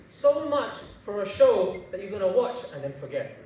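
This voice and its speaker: Man, animated jokey talk, high voice, very echoey hall, mic far off. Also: moderate pace, few pauses, slight background noise. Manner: animated, jokey, slangy storytelling. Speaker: invited speaker. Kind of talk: public talk to students. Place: large university hall.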